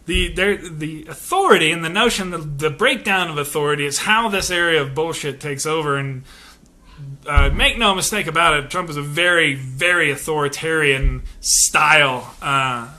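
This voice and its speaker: Bright-voiced man rambling through political commentary. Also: fairly high pitch, moderate pace. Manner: rambling, with many fillers and restarts. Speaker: podcast host.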